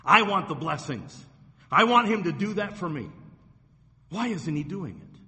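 A man's voice: high-pitched, sing-song, measured pace, bright, forceful tone. A man preaching a sermon as a pastor, reading scripture and pressing his points with rising force. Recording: long reverb of a church hall.

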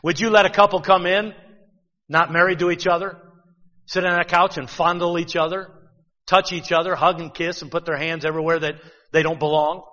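A man's voice: fairly high pitch, level tone, brisk, sharp tone, highs cut off. Man preaching in a reverberant hall. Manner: conversational preaching, rhetorical questions. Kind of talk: sermon.

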